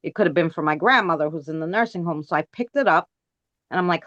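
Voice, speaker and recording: A woman co-hosting a livestream, telling stories in an animated, profane, fiery way. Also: fairly low pitch, quick pace, no room sound, muffled recording. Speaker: livestream co-host. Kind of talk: casual chat.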